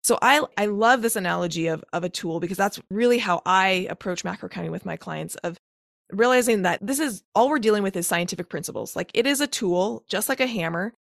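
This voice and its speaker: Gravelly-voiced woman coach explaining. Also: mid-range voice, fairly quick, no echo, clean studio sound. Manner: explanatory, uses step-by-step examples and analogies. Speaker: guest, macro-counting coach. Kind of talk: conversational podcast interview.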